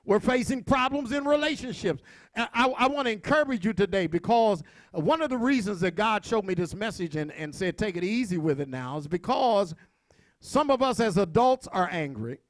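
A man preaching a sermon to his congregation, with call-and-response, shouted peaks and quiet asides. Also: high voice, lively intonation, normal speed, no echo. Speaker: pastor.

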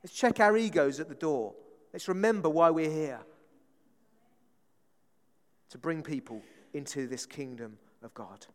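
A man preaching a casual, conversational sermon, voice sitting a little high for a man. He keeps drawing the congregation in with quick questions. His words ring out with a long church-hall reverb. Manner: chatty, often asks the congregation "right?".

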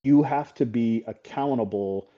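A middle-aged paintball coach talking as a podcast guest, candid and blunt, swearing freely and often checking in with "right?". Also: male voice, medium pitch, a little slow, warm tone. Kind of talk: casual interview talk. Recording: slightly dull podcast audio.

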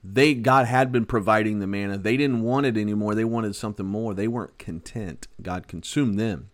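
A man giving a sermon, reading old scripture aloud and then retelling it in lively everyday words. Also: lowish voice, moderate pace. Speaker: preacher. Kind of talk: Bible-teaching sermon.

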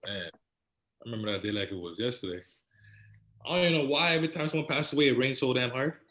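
A man's voice: mid-range voice, quick pace, a bit bright. A man, telling a personal story as a podcast guest in an earnest, slang-filled, repetitive way. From Toronto, Canada. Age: 20s. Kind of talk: personal storytelling in casual conversation.

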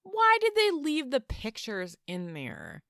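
Woman, co-host, casual chat, quippy, animated pitch, dry sound. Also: dry recording. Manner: reactive, quick quips and questions. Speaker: podcast co-host.

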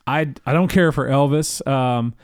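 A man's voice: medium pitch, measured pace, no room sound, studio quality. A man co-hosting a casual podcast, blunt and opinionated, often laughing at his own jabs. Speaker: podcast co-host. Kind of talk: casual chat.

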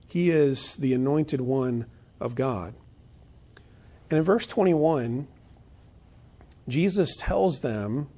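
A pastor preaching a sermon earnestly, asking the congregation rhetorical questions and building up to emphatic declarations. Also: male voice, on the high side, a little mellow.

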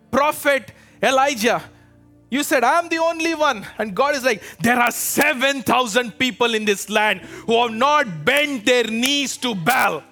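A man with a high, bright voice preaches a fervent sermon, calling out to his congregation and pressing them to answer. Soft music runs underneath his voice. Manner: fervent, exhorting, calls out to the congregation. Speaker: pastor. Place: church with a live congregation.

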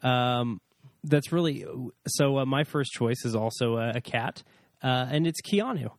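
A man's voice: medium pitch, measured pace, no room sound, clean studio sound. A man co-hosting a podcast in casual chat, playful and punning, with lots of fillers. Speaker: podcast co-host.

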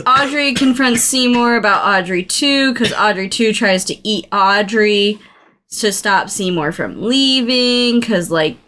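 A woman casually recapping a film plot in conversation, with a relaxed, chatty manner and the odd swear word. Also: mid-range voice. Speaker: podcast co-host recapping a film. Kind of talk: casual chat.

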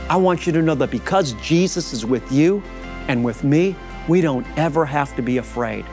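A man's voice: a little high, moderate pace, a little mellow, soft background music. A man preaching a fervent sermon, leading listeners in bold declarations of prayer and calling them beloved. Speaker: rabbi preaching.

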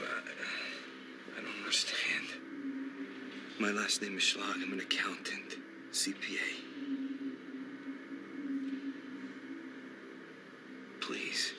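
An actor playing a volatile, obsessive man in a TV horror drama, talking in a hushed, half-whispered voice. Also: deep voice, little pitch movement, normal speed, long pauses. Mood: rattled. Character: volatile obsessive man, pleading then menacing. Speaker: actor in a horror anthology episode. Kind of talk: TV drama acting. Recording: noisy clip from a TV episode.

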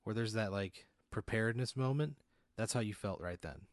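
A man's voice: on the low side, moderate pace, dry recording, studio quality. A man running an improvised role-play game as game master, narrating in a rambling way with many fillers.

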